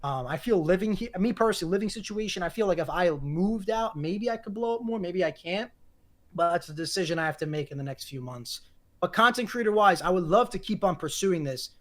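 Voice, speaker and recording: A man, a guest on a podcast over a video call, rambling fast with repeated words and casual swearing. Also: high-pitched, expressive. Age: 20s. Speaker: guest content creator.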